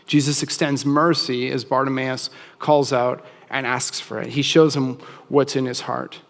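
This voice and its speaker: A man's voice: medium pitch, level tone, measured pace, vocal fry, long reverb tail. A man preaching a sermon as a pastor, in a casual, conversational way with frequent restarts.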